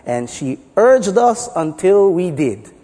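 Lively, playful pastor. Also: male voice, sits high, slow pace, in a large hall. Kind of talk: sermon with jokes.

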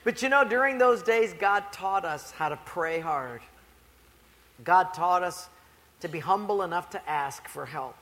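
A male pastor preaching a sermon in a church with lively, humorous storytelling. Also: sits high, measured pace. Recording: reverberant church hall.

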